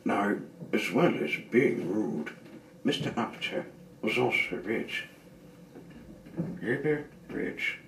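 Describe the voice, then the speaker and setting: A man reading a children's story aloud with dramatic pauses and expressive delivery. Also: on the low side, gravelly, noisy background. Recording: roomy, slightly distant mic.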